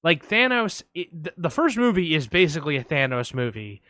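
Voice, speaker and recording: A man co-hosting a casual movie podcast, telling stories in an animated way, swearing often and acting out quotes. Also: on the high side, brisk, no room sound, clean studio sound. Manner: animated storyteller, swears a lot, acts out quotes. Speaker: podcast co-host.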